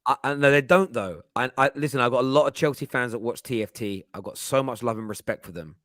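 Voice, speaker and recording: A man's voice: mid-range voice, fast, no room sound, studio quality. A man with a London accent hosting a live football chat show, joking around and reading out viewer comments. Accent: London English. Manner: animated, jokey, reads out viewer comments. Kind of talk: live-stream casual chat.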